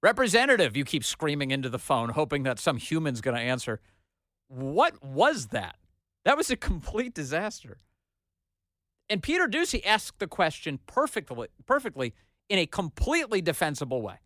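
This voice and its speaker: A man's voice: fairly high pitch, very animated, a little fast, fairly bright tone, no echo, studio quality. A man hosting a talk radio show, delivering an emphatic, sarcastic opinion monologue.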